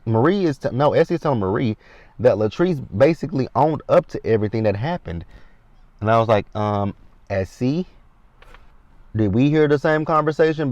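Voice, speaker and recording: The voice is lowish and a little mellow, with no room sound, belonging to a man in his thirties. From his parked car, this TV recap vlogger chats and rambles through an episode, addressing viewers as "you guys," and the lo-fi recording comes across dull and dry.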